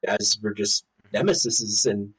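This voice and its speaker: A man's voice: fairly low pitch, fairly even intonation, unhurried, fairly bright tone, slightly rough, low-quality recording. A man in casual conversation with friends, swearing freely, laughing often and mimicking friends as he tells stories. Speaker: co-host of a gaming channel. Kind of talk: casual memorial chat among friends.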